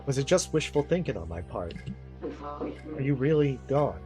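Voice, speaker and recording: A man's voice: medium pitch, big pitch swings, normal speed, dark tone, close to an everyday voice. Brief: a man playing an anxious, devoted father with a pleading tone, with game music behind. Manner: pleading, worried. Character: anxious loving father, middle-aged man.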